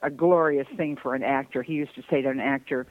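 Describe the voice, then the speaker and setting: A man's voice: mid-range voice, steady tone, fast talker, no echo, phone-quality sound. An older man from Detroit telling long, rambling anecdotes as a podcast guest, breaking into laughter now and then. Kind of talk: podcast conversation, storytelling.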